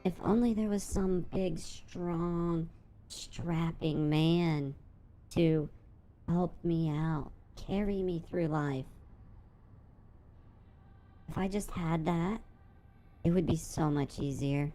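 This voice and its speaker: A man's voice: fairly high pitch, steady tone, warm tone, faint music behind, pitched above the performer's own voice. A man using a voice changer to play a teasing, mock-seductive female streamer persona, drawing out each word. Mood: sultry. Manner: slow, drawn-out, mock-seductive delivery.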